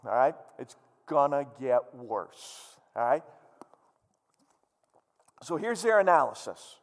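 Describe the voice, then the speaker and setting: A male pastor preaching with a high, very lively voice that swoops up and down as he teases the crowd. His words ring through a church hall with a long reverb. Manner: animated, humorous, jokes with the audience. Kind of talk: sermon.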